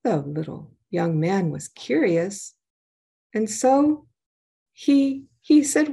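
A woman telling a folk tale aloud in an expressive storytelling manner. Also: mid-range voice, takes it slowly, vocal fry, husky. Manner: expressive, lively delivery. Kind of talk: storytelling narration.

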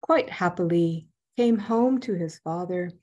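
A woman telling a folk tale aloud in an expressive storytelling manner. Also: lowish voice, unhurried, lo-fi sound. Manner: expressive, lively delivery. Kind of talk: storytelling narration.

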